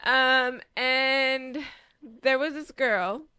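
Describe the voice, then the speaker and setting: A young woman co-hosting a podcast, telling a story in casual chat, animated and laughing, swearing freely. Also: sits high, very slow, smooth, no room sound, clean studio sound. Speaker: podcast co-host.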